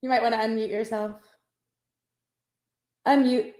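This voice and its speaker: Theatrical woman, high voice, echoey call. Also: level tone, a little slow, dark tone. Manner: overwrought, theatrical. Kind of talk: comedic melodrama.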